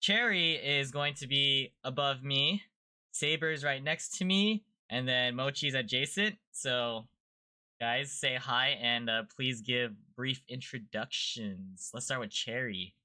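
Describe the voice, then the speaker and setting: Bright-voiced young man hosting a podcast. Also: mid-range voice, takes it slowly, no echo. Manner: relaxed, chatty, rambling with fillers. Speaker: podcast host. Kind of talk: casual livestream podcast chat.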